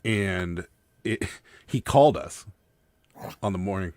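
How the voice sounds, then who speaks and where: Co-hosting a laid-back reselling livestream, a deep-voiced man tells lively stories and laughs readily. The recording is dry and studio-clean.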